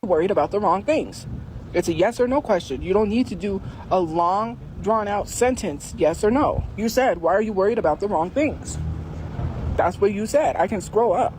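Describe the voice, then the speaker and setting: A woman's voice: mid-range voice, lively intonation, moderate pace, a little mellow, slight background noise, rough recording. A woman arguing insistently on a livestream, repeating her point again and again. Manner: insistent, repetitive, confrontational. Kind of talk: heated livestream argument.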